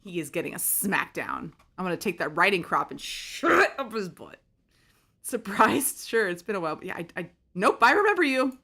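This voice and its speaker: Lively, excitable woman streamer. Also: fairly low pitch, fairly quick, hardly any pauses, slightly rough. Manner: expressive, laughing, swearing, dramatic. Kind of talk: excited game play-through commentary.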